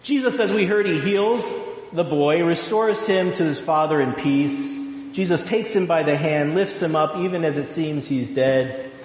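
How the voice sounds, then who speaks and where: A male pastor giving a sermon, slow and emphatic, with drawn-out phrases. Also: fairly high pitch. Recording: echoey hall.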